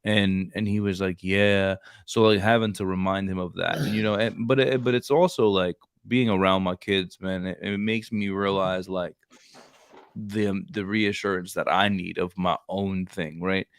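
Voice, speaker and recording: His deep, smooth voice holds fairly even intonation at a moderate pace, with no echo. He's a podcast co-host in his thirties, telling stories loosely in a casual chat and leaning heavily on "like" and "bro."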